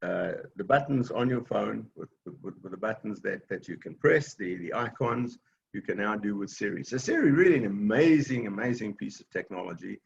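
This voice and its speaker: Gravelly man teaching an online class. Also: fairly low pitch, lively intonation, moderate pace, muffled recording, a little hiss or hum. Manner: patient, plain explaining with many fillers and restarts. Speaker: technology class instructor.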